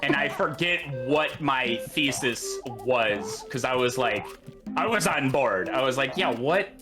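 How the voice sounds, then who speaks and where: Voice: medium pitch, lively intonation, unhurried. A co-host chatting casually during a game playthrough, laid-back and jokey, often trailing off mid-thought. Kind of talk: casual chat over gameplay. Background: game music.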